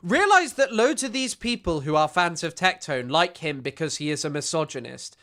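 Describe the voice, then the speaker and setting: Bright-voiced scornful man. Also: fairly high pitch, lively intonation, normal speed. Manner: scornful, talks over the clip, laughs often. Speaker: streamer reacting to a clip. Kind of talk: casual commentary.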